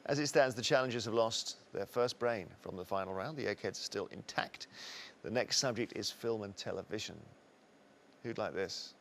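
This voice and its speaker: A man hosting a quiz show, reading out questions and multiple-choice answers in a measured way. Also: lowish voice, noisy background. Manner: measured, reads questions clearly. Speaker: quiz host.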